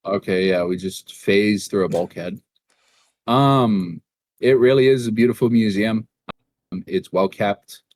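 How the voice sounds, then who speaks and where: A young man from Massachusetts rambles through a casual podcast chat in a lowish voice. He curses freely and gets animated when he acts out what people said to him. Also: measured pace. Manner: rambling, profane, animated in retold dialogue. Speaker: podcast co-host.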